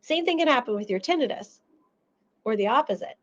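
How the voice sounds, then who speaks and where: A woman audiologist teaches a seminar in a lively storytelling manner, acting out little quotes along the way. Her voice sits fairly high. The recording sounds dull and lo-fi. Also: a little fast. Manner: animated storytelling with acted-out quotes. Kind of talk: educational seminar talk.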